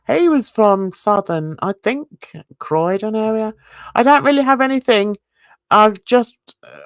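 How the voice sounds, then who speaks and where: Chatty North London woman with lively pitch. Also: clear, resonant tone, no room sound, clean studio sound. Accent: North London mixed with rural Essex. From England. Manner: chatty, warm-hearted, uses British slang and endearments. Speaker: livestream host. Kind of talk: casual livestream chat with viewers.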